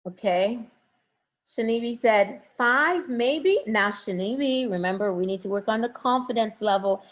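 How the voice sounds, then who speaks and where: A woman with a headache teaches an online class from home, urging her students to answer and offering lots of encouragement. Her voice is mid-range and her speed is normal.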